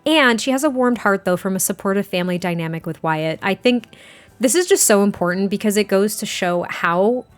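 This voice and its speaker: A woman hosting a game let's play, chatting and gushing as she tells the story of her characters. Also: medium pitch. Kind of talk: casual game commentary.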